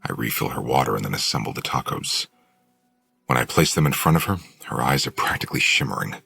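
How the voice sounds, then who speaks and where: A man narrating a novel in the first person, in an even, measured storytelling voice. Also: very deep voice, creaky, slightly rough, no room sound. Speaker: audiobook narrator.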